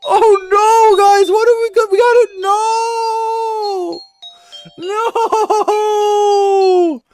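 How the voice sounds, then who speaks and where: A woman voicing a self-pitying grown man streamer, wailing and mock-crying in a drawn-out whine. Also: very high-pitched, steady tone, a little mellow, faint music behind, pitched above the performer's own voice, heavily acted. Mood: mock sobbing. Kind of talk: mocking impression in a commentary video.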